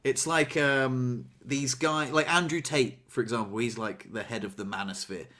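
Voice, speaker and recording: A man in casual chat, telling an animated story and acting out what people said. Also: mid-range voice, normal speed. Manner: animated storyteller, acts out quotes, laughs.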